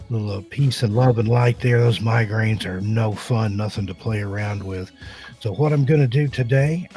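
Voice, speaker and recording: A laid-back man hosts a casual live-stream chat. He welcomes viewers one by one in an unhurried, chatty way. Faint music plays behind him. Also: mid-range voice. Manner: relaxed, greets viewers one by one. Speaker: host.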